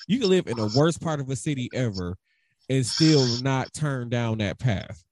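A man's voice: medium pitch, lively intonation, moderate pace, a little mellow. A man talking in a casual group discussion, hesitant, with many fillers.

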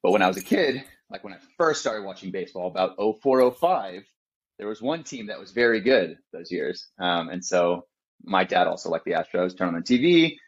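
Young man, very deep voice, dull lo-fi sound, easygoing. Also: expressive, brisk. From Austin, Texas. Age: young adult. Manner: easygoing, many fillers. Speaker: podcast guest. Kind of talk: casual chat.

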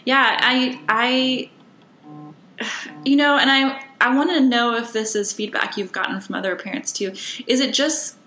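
A woman hosts a podcast in a casual, rambling interview chat packed with fillers. Her voice is on the high side and sharp, with fairly even intonation and a slightly slow pace, captured in poor, reverberant audio.

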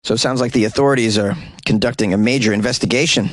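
A man's voice: on the low side, quick pace, dry recording. A man from Boston with a Boston accent, hosting a comedy news podcast and reading stories with wry, joking asides. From Boston, USA. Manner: joking, wry asides, laughs at own jokes. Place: small closet.

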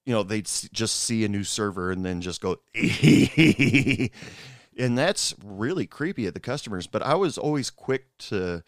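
Brief: middle-aged man, smooth low voice, dry close sound, rambling personal storyteller. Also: lively intonation, no echo. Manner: rambling, halting, with frequent asides. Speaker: former bartender telling stories.

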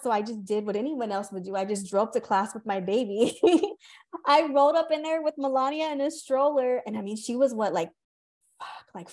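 A woman in her thirties hosting a podcast, chatting casually and acting out the voices in her stories. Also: mid-range voice. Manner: animated storyteller, acts out quoted voices, swears casually. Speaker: podcast host. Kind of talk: casual conversation.

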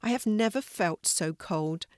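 Grandma doing a small pink teddy bear. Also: female voice, medium pitch, lively intonation, unhurried, dry recording, studio quality, close to an everyday voice. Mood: wistful. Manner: soft storybook voice, raised and brighter. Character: lost female pink teddy bear, gentle, easily cross.

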